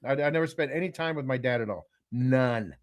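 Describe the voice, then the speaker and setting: A middle-aged man telling a story on a casual podcast, rambling and halting with many fillers and restarts. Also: mid-range voice. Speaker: regular co-host, "the old man".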